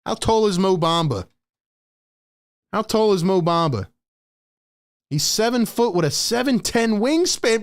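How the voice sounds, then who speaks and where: Young American man, fairly high voice, live-stream play-by-play host, blunt, exasperated, casual slang. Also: animated, measured pace, long pauses. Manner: frustrated, blunt, talks straight to chat.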